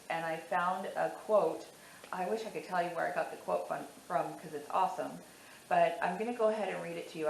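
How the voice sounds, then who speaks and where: A woman's voice: fairly low pitch, vocal fry, echoey room, a little hiss or hum, low-quality recording. A woman talking candidly to camera about her weight loss, emotional and teary, repeating herself for emphasis. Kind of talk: casual to-camera vlog.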